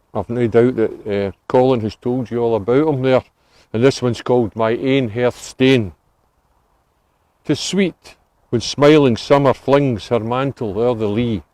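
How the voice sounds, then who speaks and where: A Scottish man recites Scots dialect poems outdoors on a cemetery tour, savouring each line. He speaks very slowly and his voice sounds dry and close. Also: mid-range voice, darkish tone, no echo. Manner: measured, relishing recital.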